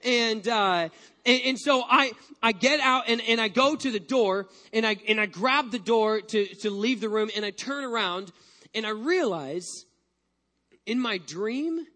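A man preaching a sermon as pastor, telling a personal story with lively energy and frequent restarts. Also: high-pitched.

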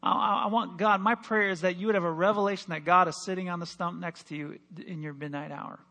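A man preaching a sermon in church, telling a personal story with passion and dropping from loud to hushed. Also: high voice, steady tone, fast, creaky. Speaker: pastor.

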